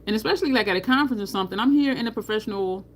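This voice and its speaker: Talking very fast at a medium pitch, with slight background noise, a middle-aged woman hosts a makeup livestream. She keeps up casual, chatty conversation while applying makeup, responding to the live chat, laughing frequently and mimicking people from her stories.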